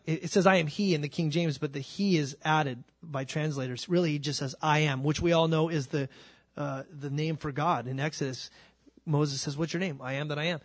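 A man preaching a sermon. He talks in an animated way and acts out the scripture scenes with quick shifts of voice. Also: a little high, no echo. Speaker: pastor.

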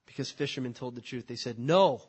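A man's voice: mid-range voice, level tone, fast talker, a bit bright. A man preaching a sermon as pastor, impassioned and conversational, asking rhetorical questions.

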